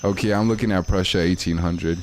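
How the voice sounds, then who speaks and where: A man's voice: low voice, fairly even intonation, a little fast, a little hiss or hum. A young man, chatting casually and rambling in slang while livestreaming a game. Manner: slangy, rambling, laid-back. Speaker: streamer.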